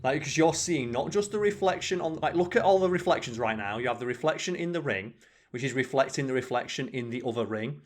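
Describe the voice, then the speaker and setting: A man's voice: medium pitch, animated, fast. A man hosting a let's play, chatting casually and rambling as he swears freely over the game. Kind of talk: casual gaming chat.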